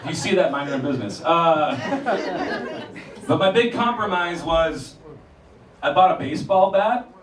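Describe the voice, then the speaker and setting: A man's voice: a little high, animated, moderate pace, long pauses. Self-deprecating young male stand-up comic. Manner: self-deprecating, profane, acts out voices of others. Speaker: stand-up comedian. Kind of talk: stand-up comedy set. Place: small theater, live audience. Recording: roomy live room mic from a distance, loud crowd laughter. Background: audience laughter.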